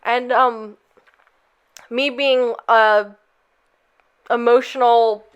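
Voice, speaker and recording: A woman's voice: a little high, steady tone, very slow, smooth, muffled recording. A young woman co-hosting a podcast, telling a long story in a rambling, casual way full of fillers. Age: young adult. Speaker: podcast co-host.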